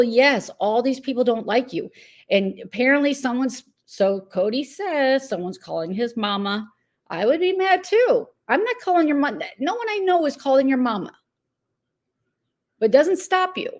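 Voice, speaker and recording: A woman hosting a commentary talk, exasperated and incredulous, speaking straight to the person she criticizes. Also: sits high. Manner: irritated, incredulous, addresses target directly. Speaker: commentary host.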